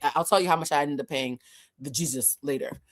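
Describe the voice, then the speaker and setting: A woman, an emotional intelligence coach, telling a story in a vlog with animated, exasperated delivery and acted-out quotes. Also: sits low, fast.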